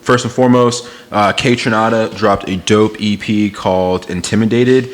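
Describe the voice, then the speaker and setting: Deep-voiced laid-back male podcast host. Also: steady tone, normal speed. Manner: laid-back, rambling, lots of filler and slang. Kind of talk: casual podcast chat.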